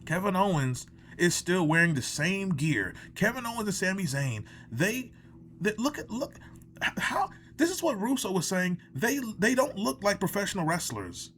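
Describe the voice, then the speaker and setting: Brief: male reviewer, exasperated and profane ranting commentary, slightly high voice that swings widely. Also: very animated, moderate pace, a bit bright, a little hiss or hum. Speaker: wrestling show reviewer.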